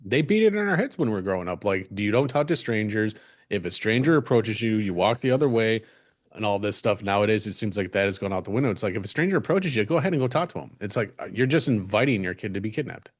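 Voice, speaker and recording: A podcast co-host with a lowish voice talks fast and expressively, trading laid-back, profane, easygoing banter. The conversation is casual and crude.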